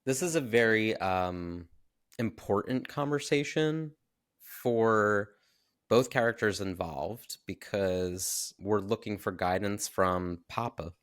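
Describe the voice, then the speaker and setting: Very deep-voiced man, relaxed podcast co-host. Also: dry recording, studio quality. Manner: relaxed, measured, short agreeing replies. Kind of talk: casual movie recap chat.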